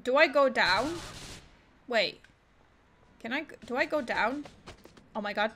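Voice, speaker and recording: A young woman commenting on her gameplay in a chatty, excitable way, swearing often. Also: fairly high pitch, unhurried, slight background noise. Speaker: gaming video host. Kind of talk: live gameplay reaction commentary.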